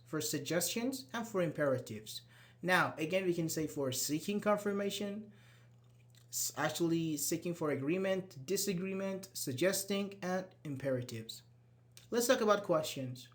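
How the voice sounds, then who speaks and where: Male grammar teacher with a raised pitch, unhurried and explanatory, live class feel. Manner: explains patiently, reads example sentences aloud, frequent restarts. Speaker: English teacher.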